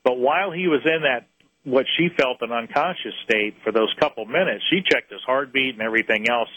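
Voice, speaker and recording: Bright-toned earnest male storyteller. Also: medium pitch, no room sound, low-quality recording. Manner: earnest storyteller, halting restarts. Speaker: UFO experience researcher. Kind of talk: recounting a case in an interview.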